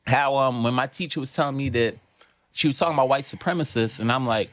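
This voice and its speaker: A man's voice: mid-range voice, a little fast, a bit bright, dry recording. A young man with a New York accent, a comedian guest on a podcast who speaks in an emphatic, profane way. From New York City. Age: young adult. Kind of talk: casual podcast chat.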